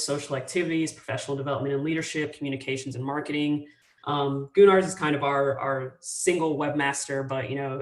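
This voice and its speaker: A young woman from student government presenting casually on a video call, with a relaxed manner and many fillers. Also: sits low, distant mic. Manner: relaxed, filler-heavy explaining. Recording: echoey room, voice off mic.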